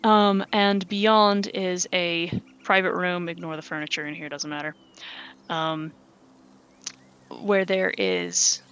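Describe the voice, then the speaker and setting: A woman runs a tabletop game, her voice bright and clear. She chats along loosely, laughs often and counts up dice totals aloud. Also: fairly low pitch, slow, lo-fi sound, a little hiss or hum. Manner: chatty, adds sums aloud, laughs often. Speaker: game master. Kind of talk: running a tabletop game over voice chat.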